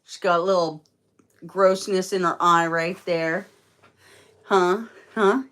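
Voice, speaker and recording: A woman hosting a casual livestream from home, chatting in a rambling, easygoing way and cooing at her dogs in a high baby-talk voice. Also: steady tone, takes it slowly, fairly bright tone. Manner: chatty and rambling, with fillers and laughs. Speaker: livestream host. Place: at home indoors.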